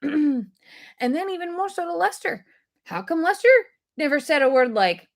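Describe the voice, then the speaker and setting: High-voiced chatty woman. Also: animated, unhurried, fairly bright tone. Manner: chatty, self-deprecating, rambling with fillers. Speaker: host of a weekly video segment. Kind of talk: casual storytelling to viewers.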